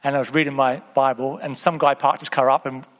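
A man preaching a sermon, casual and direct, dropping to hushed asides and rising to emphatic exclamations, often calling out to the congregation. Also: medium pitch, flat delivery, a little fast, in a large hall, highs cut off. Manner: conversational, with repeated calls to the audience.

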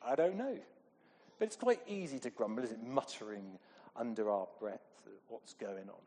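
Chatty preacher in an echoey hall. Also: male voice, medium pitch, animated, moderate pace, mellow. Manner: conversational, asks the congregation questions. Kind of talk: sermon. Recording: echoey hall with long reverb.

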